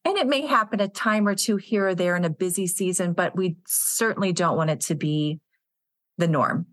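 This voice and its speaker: A woman's voice: fairly low pitch, normal speed, dry recording. A woman executive director speaking as a podcast guest, telling workplace stories in an earnest, conversational way. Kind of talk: casual interview conversation.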